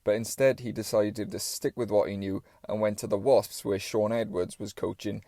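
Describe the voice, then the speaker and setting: A man narrating a sports documentary from a script, with wry, measured commentary. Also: fairly low pitch, fairly even intonation, mellow, no room sound, studio quality.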